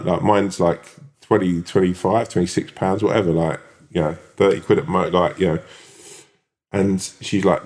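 A young man telling an anecdote in casual podcast chat, animated and sweary, acting out the people he quotes. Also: low-pitched, normal speed. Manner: animated storyteller, swears, acts out quoted voices. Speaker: podcast co-host.

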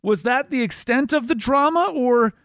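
A man's voice: very high-pitched, moderate pace, fairly bright tone, no room sound, clean studio sound. A man hosting a casual interview, playful and joking with his guest. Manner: playful, jokey, voice leaping up and down. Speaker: podcast host.

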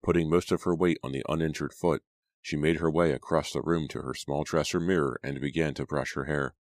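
Male audiobook narrator, very deep and low, measured delivery, dry recording. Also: no room sound. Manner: steady, measured storytelling. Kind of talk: scripted narration.

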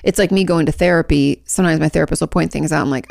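Chatty low-voiced woman with gravelly edge. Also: fairly even intonation, a little fast, a little mellow, no echo, studio quality. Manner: chatty, rambling storyteller with lots of fillers. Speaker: podcast co-host. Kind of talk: casual chat.

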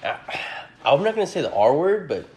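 A man's voice: fairly high pitch, big pitch swings, a little fast, mellow. A man in his twenties hosting a podcast, telling rambling, profane stories in casual chat and acting out the quotes. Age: 20s. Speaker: podcast host.

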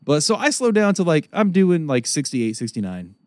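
Brief: male podcast co-host, slightly high voice, dry close mic, swears a lot, laughs through his stories. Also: moderate pace, no room sound. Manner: profane, animated, laughs often. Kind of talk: casual storytelling chat.

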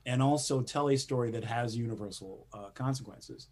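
Husky-voiced man rambling with fillers. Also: mid-range voice, normal speed. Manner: rambling, many fillers and restarts, laughs often. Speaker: animation screenwriter guest. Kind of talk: casual interview talk.

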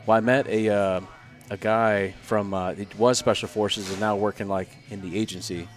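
A man in his thirties with a fairly low voice tells his army stories in a relaxed, chatty way, jumping into the voices of the people he quotes. He swears casually and keeps a loose, joking flow. Faint music plays quietly behind him. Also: moderate pace. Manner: animated storyteller who acts out quoted voices, swears freely. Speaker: podcast guest, former Army Ranger and Green Beret. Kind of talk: casual storytelling chat.

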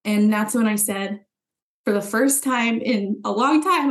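A woman's voice: mid-range voice, a little slow. A woman guest on a podcast, earnestly telling her own story in conversation and acting out what she thought back then. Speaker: podcast guest, former client. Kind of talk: personal story told in conversation.

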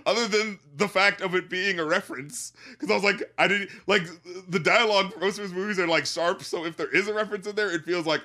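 A man's voice: high voice, fairly quick, few pauses, sharp tone. A man casually discussing a film on a podcast, rambling with many fillers, frequent swearing and laughter. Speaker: podcast co-host.

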